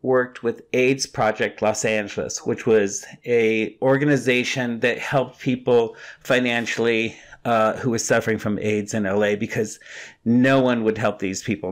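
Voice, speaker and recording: An older man hosting a podcast, telling his own stories in a chatty, rambling, gossipy way. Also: on the low side. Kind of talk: casual storytelling monologue.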